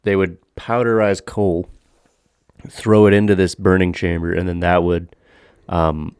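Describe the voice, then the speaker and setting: A man with a low, smooth and resonant voice chats on a podcast, crude, swearing and quick to joke. He sounds close and dry, with almost no room around him. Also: flat delivery, a little mellow, no room sound. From Canada. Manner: crude, profane and joking, explains things at length. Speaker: podcast co-host. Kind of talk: casual chat.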